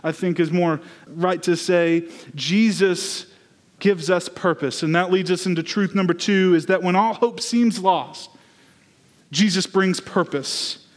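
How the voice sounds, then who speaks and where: A man's voice: sits high, measured pace. A man preaching a sermon as pastor, earnest and personal, telling his own story.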